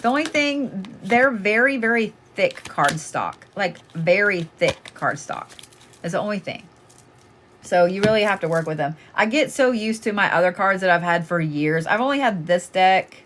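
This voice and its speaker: A woman's voice: medium pitch, expressive, normal speed, a bit bright, a little hiss or hum. A woman giving casual live oracle card readings, blunt and chatty, swearing freely as she talks to callers.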